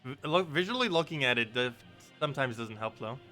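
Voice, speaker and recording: A man's voice: medium pitch, expressive, fairly quick, sharp tone, faint music behind. A man casually chatting with his live-stream chat, laid-back and joking about how he says words. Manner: laid-back, chatty, answers chat, laughs at own pronunciation.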